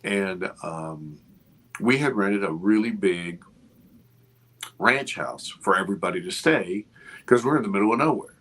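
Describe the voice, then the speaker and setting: Man over fifty, low husky voice, expressive storyteller, restarts and repeats words. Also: a little slow, pauses often. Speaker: interview guest, film producer. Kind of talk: animated storytelling in a casual interview.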